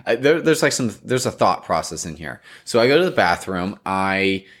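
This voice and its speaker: Young male storyteller, deep, low register, casual and animated, filler-heavy. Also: moderate pace. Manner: animated, rambling with many fillers. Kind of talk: casual chat, telling an embarrassing story.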